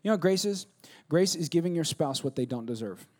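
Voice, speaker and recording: A male pastor preaching a sermon, swinging from loud, emphatic bursts to low, quiet asides and acting out conversations with himself. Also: animated, brisk. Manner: acts out conversations, asking and answering himself.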